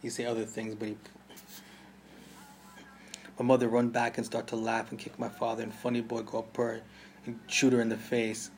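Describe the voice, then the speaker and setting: A Jamaican man reading a story aloud with steady intensity, his pitch held flat and even. He sits in the middle of the male range, with a faint ambient hum under his voice. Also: normal speed, long pauses. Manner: intense, mimics gunshot sounds. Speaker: narrator. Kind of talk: audiobook narration.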